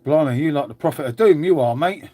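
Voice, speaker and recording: English bloke on a livestream, slightly high voice, easygoing chat to viewers, mate this mate that. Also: male voice, animated, fast, dark tone, breathy edge. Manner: chatty, laid-back, calls everyone mate. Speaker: live streamer. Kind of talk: casual live-stream chat answering viewer comments.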